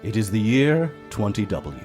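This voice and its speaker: Lively man narrating as game master. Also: on the low side, moderate pace, soft background music. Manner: lively, narrating scenes and announcing casting.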